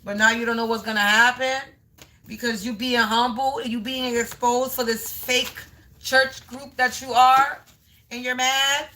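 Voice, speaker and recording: Sharp-voiced, confrontational woman tarot reader. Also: a little high, fairly even intonation, a little slow. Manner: confrontational, taunting, repeats phrases; scolding an unseen commenter. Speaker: spiritual reader hosting a live stream. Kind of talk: live tarot card reading.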